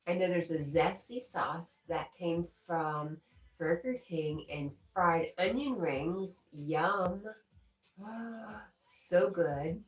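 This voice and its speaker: A woman's voice: fairly low pitch, extremely slow. A woman hosting a livestream, casually chatting with viewers and giggling often. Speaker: livestream host reading viewer chat. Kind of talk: casual live chat. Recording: roomy echo, distant from the mic.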